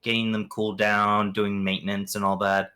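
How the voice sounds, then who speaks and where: A man's voice: on the low side, completely flat delivery, normal speed, pushed and bright. A man playing his character in a tabletop game, rambling in a drawling way. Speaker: player. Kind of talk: casual in-character role-play.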